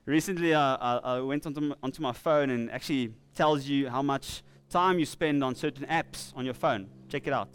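A man with a South African accent preaching a sermon in church, earnest and conversational, slowing down to read scripture with emphasis. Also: medium pitch, clear, resonant tone. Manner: earnest, with laughing asides and slow emphatic scripture reading.

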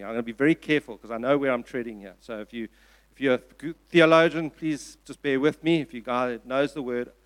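A man's voice: mid-range voice, a bit bright. A man with a South African accent preaching a sermon in an earnest, emphatic way, often repeating his phrases. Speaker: pastor. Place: church.

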